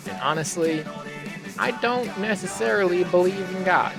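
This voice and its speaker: A man's voice: sits high, moderate pace, vocal fry, music in the background. A young American man commenting casually as a YouTuber, rambling, profane and incredulous, with lots of fillers. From United States.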